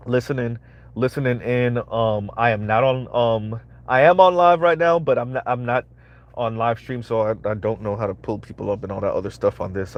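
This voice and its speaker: A man hosting a live-streamed commentary, talking emphatically, repeating his phrases and asking "right?" again and again. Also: medium pitch. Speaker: commentary channel host.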